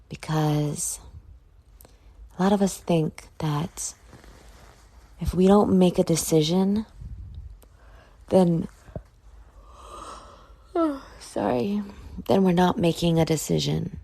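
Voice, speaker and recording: Sleepy and yawning, a woman hosts her own podcast in a casual solo monologue, rambling, motivational and occasionally swearing. Her lowish, dark voice moves slowly with vocal fry and frequent pauses.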